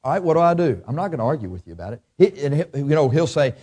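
A man preaching a sermon as pastor, blunt and emphatic, acting out people's excuses in a higher whiny voice. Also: big pitch swings, racing, few pauses, mellow, slightly rough.

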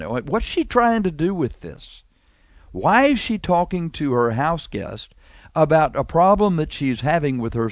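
Animated preacher man in a dry sermon. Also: on the high side, no room sound. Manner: animated, questioning, rhetorical.

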